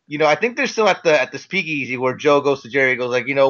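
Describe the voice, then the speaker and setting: A man co-hosting a podcast, chatting about a film in an animated way and retelling scenes with laughter. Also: medium pitch, fast. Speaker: podcast co-host. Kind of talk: casual film discussion. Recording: dull lo-fi sound.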